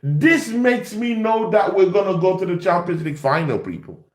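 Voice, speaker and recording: Excitable high-pitched man ranting, echoey room. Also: moderate pace. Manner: excitable, taunting, repeats words. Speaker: football fan vlogger. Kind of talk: animated fan rant to camera.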